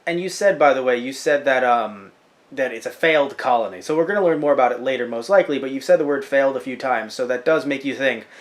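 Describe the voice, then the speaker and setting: Man, podcast co-host, casual review chat, joking, animated, medium pitch. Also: fast. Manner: animated, joking, jumps between thoughts.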